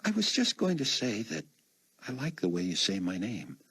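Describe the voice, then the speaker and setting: A man voicing a teasing young woman college student, bright and quick-witted. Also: mid-range voice, wildly swooping pitch, creaky, breathy edge, pitched above the performer's own voice, heavily acted. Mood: playful.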